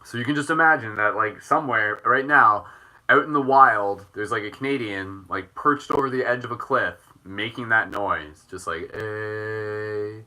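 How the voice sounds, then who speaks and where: A man leading a guided chakra meditation as host, gentle and jokey, with playful dad-joke asides. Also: on the low side, moderate pace.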